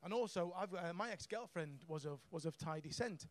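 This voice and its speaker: A high-voiced young man works a comedy club crowd through a handheld mic. He is brash and sweary, and he chuckles at his own punchlines as he goes. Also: expressive, a little fast. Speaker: stand-up comedian. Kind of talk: stand-up set.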